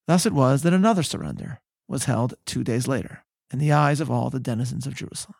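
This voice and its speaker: Gravelly man narrating history. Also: medium pitch, expressive, darkish tone, dry recording, clean studio sound. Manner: measured storytelling, slows for emphasis. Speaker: podcast host.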